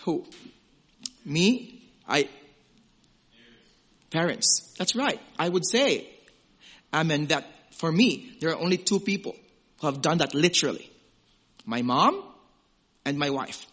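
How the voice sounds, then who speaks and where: A man preaching a sermon in a conversational, animated way, swinging from loud exclamations to hushed, gentle passages and acting out little quoted voices. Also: on the high side, slow, pauses often, husky. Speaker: pastor.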